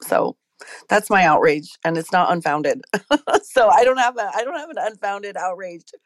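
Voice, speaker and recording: A woman's voice: mid-range voice, animated, moderate pace, dry recording. A woman in a casual group chat, speaking earnestly and laughing between phrases. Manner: earnest and giggly. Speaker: participant.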